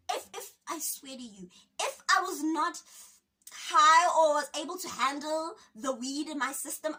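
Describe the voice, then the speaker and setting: Bright, high-voiced South African woman. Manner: dramatic, expressive, acts out quotes with sudden pitch jumps. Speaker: YouTuber. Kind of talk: animated storytime vlog. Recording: voice a bit distant from the mic.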